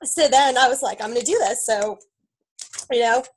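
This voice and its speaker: A woman with a fairly high voice shares her own story in a loose, chatty way, thick with fillers and quoted self-talk. She sounds tearful as she speaks. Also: moderate pace, a little hiss or hum, rough recording. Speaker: team member sharing her story. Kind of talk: emotional casual testimony.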